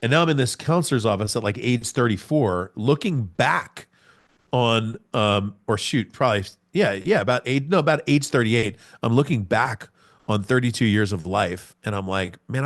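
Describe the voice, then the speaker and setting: A man in his forties, a podcast guest, telling a personal testimony in a lively storytelling way with sound words. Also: medium pitch. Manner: animated storyteller, acts out scenes with sound words.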